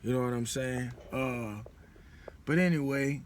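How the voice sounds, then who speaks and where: Here a New Orleans man in his forties talks to his phone camera at a medium pitch and a slightly slow pace, offering laid-back life advice. The vlogger keeps things loose, often tossing in "you know what I'm saying," and there's faint hiss or hum in the recording.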